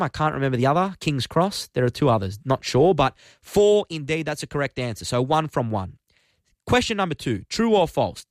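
A man hosts a live talk-radio quiz. He is upbeat and brisk, and his voice sits a little high for a man. The studio sound is close and dry. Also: dry recording. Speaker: radio host. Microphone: studio microphone.

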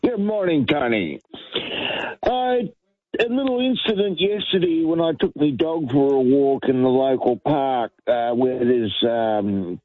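A man's voice: on the high side, no echo. A man with an Australian accent calling into talk radio, telling a rambling, indignant story and acting out the quotes. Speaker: caller. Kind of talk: rambling phone-in anecdote. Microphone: telephone. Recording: tinny dry phone line.

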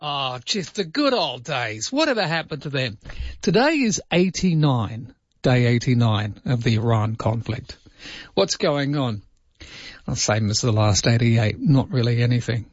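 A male show host talking on his own in a wry, chatty monologue that wanders off into asides. His voice sits at a middle pitch. The recording is dry, with no room sound, and slightly dull and lo-fi. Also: lively intonation, a little slow, no room sound. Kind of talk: solo talk-show monologue.

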